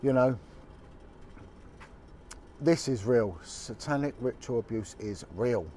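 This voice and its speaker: A man's voice: medium pitch, slow, mellow, a little hiss or hum. A man, a former detective giving a blunt, indignant, colloquial video update. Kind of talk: impassioned direct-to-camera update.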